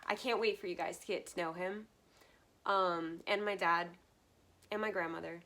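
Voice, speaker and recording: A woman's voice: lowish voice, steady tone, moderate pace, sharp tone. A woman from the United States giving a casual vlog book review, earnest and heartfelt, laughing often between thoughts.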